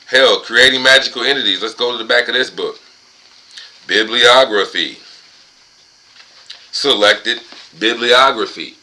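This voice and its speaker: A man's voice: medium pitch, a little slow, long pauses, bright, forceful tone, rough recording. A buzzed man rambling and ranting profanely at home in a casual vlog monologue. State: tipsy and high. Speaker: vlogger.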